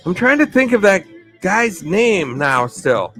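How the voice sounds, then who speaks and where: A man's voice: high voice, big pitch swings, slow pace, a bit bright, faint music behind. A man hosting a live stream, chatting in an upbeat way and thanking viewers. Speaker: livestream host.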